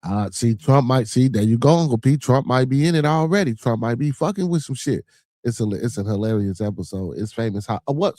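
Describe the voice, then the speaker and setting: A man's voice: mid-range voice, moderate pace, darkish tone, no echo, studio quality. A middle-aged man from Chicago hosting a live podcast, chatting loosely with viewers, laughing, swearing and repeating himself. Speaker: podcast host. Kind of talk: casual live-stream chat reading viewer comments.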